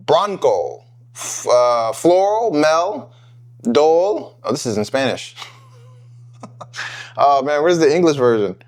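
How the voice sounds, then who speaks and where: A man hosting a casual review vlog, chatting off the cuff. His voice sits a little higher than most men's, and he thinks out loud, trailing into fillers and correcting himself as he goes. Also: very animated, slow pace, pauses often. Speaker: fragrance reviewer, channel host.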